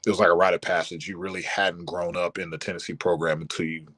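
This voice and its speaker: A former college football player, talking relaxed and laid-back as a guest. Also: male voice, low voice, fast, husky, no echo. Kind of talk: casual interview chat.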